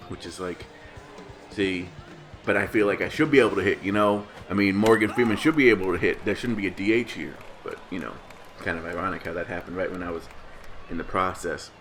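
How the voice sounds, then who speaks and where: A man's voice: fairly low pitch, slight background noise. A man ranting in a casual vlog commentary, rambling and heated, with many restarts. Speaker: gaming vlogger.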